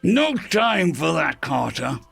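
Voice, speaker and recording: A man's voice: on the high side, very animated, moderate pace, creaky, soft background music, pitched above the performer's own voice, full character voice. A man voicing a stubborn male army major who barks sarcastic orders. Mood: gruff. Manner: barking, sarcastic commands.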